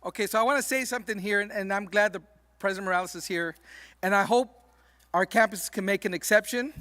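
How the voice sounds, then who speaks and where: High, bright-voiced man presenting awards. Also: fast talker. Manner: informal, peppers speech with "okay". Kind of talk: speaking at an awards reception. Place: indoor reception event.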